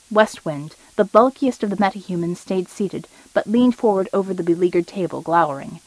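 A woman reading an audiobook story in a steady, measured narration. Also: on the low side, dry recording, rough recording.

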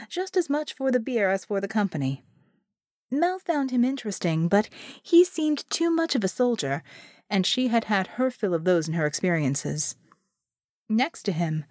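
With clean studio sound and no echo, a woman delivers expressive audiobook narration from a script. Her voice is mid-range and her speed normal.

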